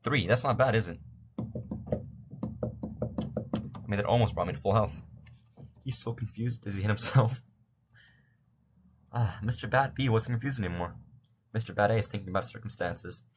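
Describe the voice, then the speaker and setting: Rambling young man with a low voice. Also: moderate pace, pauses often, background noise. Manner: rambling, self-deprecating jokes. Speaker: let's play gamer. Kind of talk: casual gameplay commentary. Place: his bedroom.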